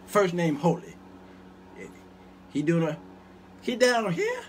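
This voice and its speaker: A man hosts his own show, spinning comic stories for the viewers in the chat. His voice sits high and swoops with lively pitch, and he breaks into laughter and asides often. A faint hiss runs under the talk. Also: slow pace. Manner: animated, laughs often, talks back to viewers. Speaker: show host. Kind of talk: comedic storytelling to a live chat.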